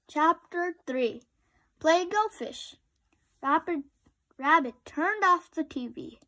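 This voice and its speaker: Slow, high-voiced woman reading a kids' book. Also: lively intonation, a bit bright. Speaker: storybook reader. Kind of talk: children's book read-aloud.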